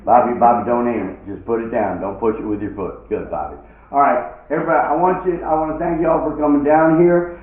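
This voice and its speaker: A man voicing a big, loud father-in-law who hollers at a crowd. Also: mid-range voice, fairly quick, lightly acted. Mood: coaxing. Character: big booming Southern father-in-law, man, middle-aged. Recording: echoey hall, distant phone-like mic.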